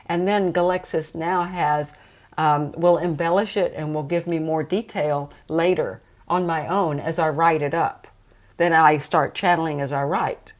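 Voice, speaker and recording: An older woman, a trance channeler, talking reflectively in a relaxed interview and laughing often. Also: sits low, a little slow.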